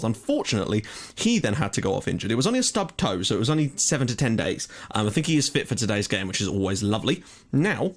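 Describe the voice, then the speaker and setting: A young man hosting his gaming channel, chatting casually through a management game, rambling and correcting himself, a little out of breath. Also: mid-range voice. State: slightly out of breath. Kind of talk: casual gameplay commentary.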